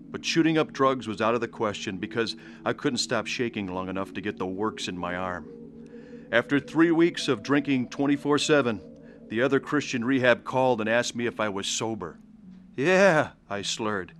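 A man's voice: medium pitch, moderate pace, natural voice. Guy doing a wrecked alcoholic, sullen, slurry, begging, radio drama. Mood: drunk pleading. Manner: sullen, then slurred and pleading. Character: desperate alcoholic man in withdrawal.

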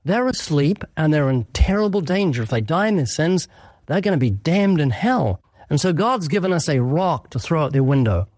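As an evangelist guest in an interview, a man gives an earnest, emphatic preaching answer, acting out short quoted exchanges to illustrate. His voice is on the high side, sing-song and darkish at a moderate pace, recorded studio-quality with no echo.

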